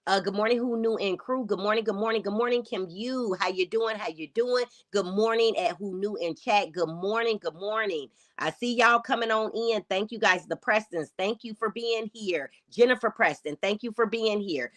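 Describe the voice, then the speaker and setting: A woman's voice: mid-range voice, normal speed, hardly any pauses. A woman hosting a casual livestream, reacting to clips and talking straight to her chat in an exclamatory, chatty way. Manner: chatty and exclamatory, addresses viewers directly. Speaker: livestream commentary host.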